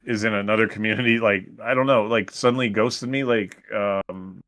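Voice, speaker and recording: A man's voice: on the low side, steady tone, moderate pace, a bit bright. Rambling man in casual banter. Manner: rambling, filler-heavy, joking. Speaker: streamer co-host. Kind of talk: casual podcast chat.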